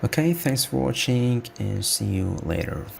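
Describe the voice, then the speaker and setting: A man giving an unhurried screencast coding tutorial, explaining step by step with frequent restarts. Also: medium pitch, animated, creaky, slight background noise. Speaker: web development tutor.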